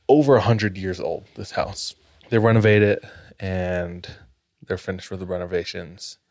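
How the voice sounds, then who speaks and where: A man hosting a podcast, telling a spooky story in a measured, dramatic way. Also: low-pitched, a little mellow, no room sound. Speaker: podcast host.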